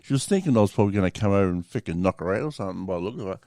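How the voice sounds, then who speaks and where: A man's voice: on the low side, expressive, very fast, dark tone, no room sound, clean studio sound. An Australian man hosting a podcast, telling a story in a casual, sweary way and laughing along. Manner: swears often, laughs through his story. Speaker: podcast host.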